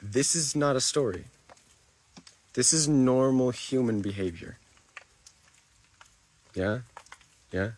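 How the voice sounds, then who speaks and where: A man's voice: medium pitch, animated, slow pace, pauses often, darkish tone. A man livestreaming to his chat, talking defensively, repeating himself and swearing.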